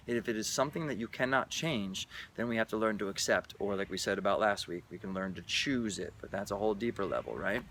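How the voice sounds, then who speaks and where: A man's voice: fairly low pitch, fast talker, hardly any pauses, pushed and bright, a little hiss or hum. A man vlogging about spirituality in a loose, irreverent monologue, often tossing in "right?". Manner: irreverent, keeps asking "right?".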